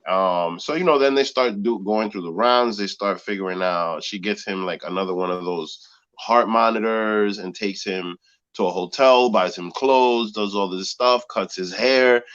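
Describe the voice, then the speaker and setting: Lively, laughing man on a muffled recording. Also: lowish voice, normal speed. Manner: animated storyteller, laughs often, mimics sounds. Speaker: podcast co-host. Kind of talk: casual chat. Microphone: phone. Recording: lo-fi muffled sound.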